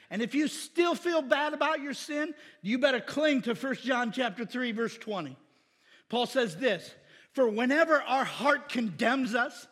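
A man pastor preaching a casual, animated sermon in a church, with shouted bursts. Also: high-pitched, slightly rough, big-room sound. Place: church sanctuary.

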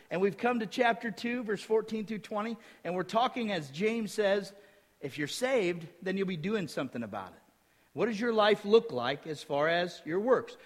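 A male pastor preaching a sermon, reading scripture aloud and acting out little dialogues in a lively, emphatic way. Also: high voice. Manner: animated preaching, quotes scripture, acts out dialogue. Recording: reverberant hall.

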